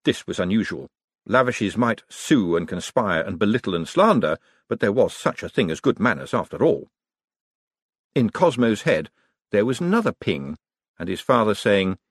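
A man narrating an audiobook in a wry, expressive storytelling manner. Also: lowish voice, moderate pace, breathy edge, dry recording, studio quality. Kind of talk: scripted narration.

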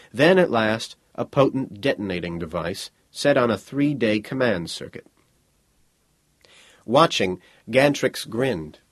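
A man reading a science fiction story aloud as a narrator, in a measured, even delivery. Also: mid-range voice, slightly rough, dry recording. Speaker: audiobook narrator.

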